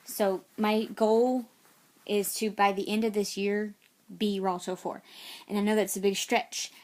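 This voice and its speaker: A woman's voice: medium pitch, flat delivery, a little slow, a little mellow. A woman vlogging casual tips, chatty and rambling, often correcting herself mid-sentence. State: out of breath.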